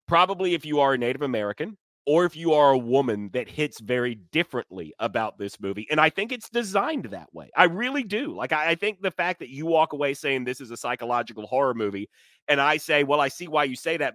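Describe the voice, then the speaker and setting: A man's voice: mid-range voice, a bit bright, no room sound. A man in casual podcast chat, dry sound. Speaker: podcast co-host.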